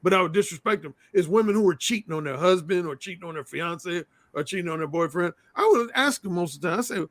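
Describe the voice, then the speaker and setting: A man's voice: high voice, animated, fast, hardly any pauses, fairly bright tone, dry recording. A man telling frank, blunt stories as an interview guest in casual conversation.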